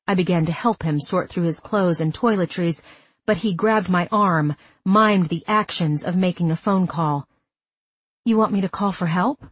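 A woman narrating a first-person story in a measured, even delivery. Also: lowish voice, breathy edge, no room sound. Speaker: audiobook narrator.

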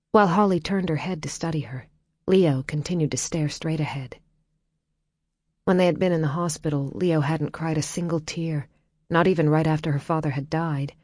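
A woman narrating an audiobook in a quiet, measured storytelling way. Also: low voice, breathy edge, dry recording, studio quality.

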